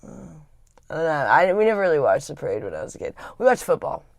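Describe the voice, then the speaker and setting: A woman's voice: sits low, sing-song, fast talker, gravelly, darkish tone. A woman hosting a live stream in casual chat, rambling and chatty with a lot of filler words. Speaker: livestream host.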